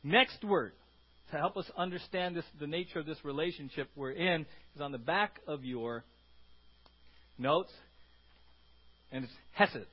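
Animated high-voiced man preaching a sermon. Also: unhurried, long pauses, slightly rough, dull audio. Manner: animated, conversational, repeats words and asks the congregation "right?". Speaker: pastor.

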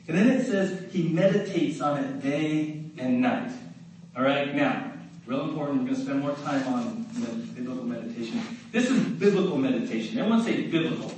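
In a church sanctuary, a pastor with a mid-range, slightly mellow voice preaches in an easy, conversational way, asking the congregation questions and saying "right?" often. The mic is at a distance in a very echoey hall, with faint noise.

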